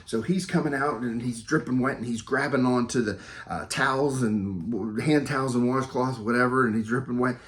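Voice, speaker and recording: Guy spinning a funny story, lots of ums and restarts, jokey, mid-pitched voice. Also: moderate pace. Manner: animated and rambling, with many fillers and self-corrections; jokey and self-amused. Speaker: storyteller giving a recorded tribute. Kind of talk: casual anecdote telling.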